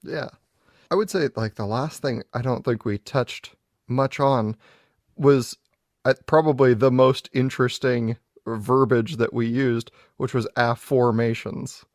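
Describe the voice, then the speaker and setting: A man hosting a podcast, talking in a relaxed, casual way with plenty of filler words. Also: mid-range voice, a little slow, dry recording, studio quality. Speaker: podcast host.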